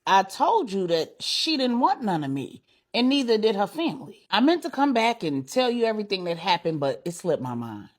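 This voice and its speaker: A woman's voice: mid-range voice, big pitch swings, normal speed, few pauses. A woman playing a brash shameless gangster wife. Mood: brazen. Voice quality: brash, unbothered, crude street talk.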